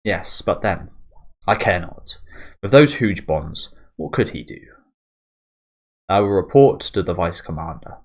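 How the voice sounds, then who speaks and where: A man's voice: low voice, lively intonation, a little slow, long pauses, heavily acted. A man reading out a nervous male soldier who stammers apologies to his commander. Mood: deferential. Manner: hesitant, apologetic.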